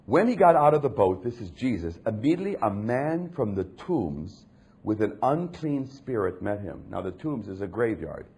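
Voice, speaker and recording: Male preacher, husky voice, very lively pitch; dramatic sermon delivery swinging between hushed and loud. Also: moderate pace.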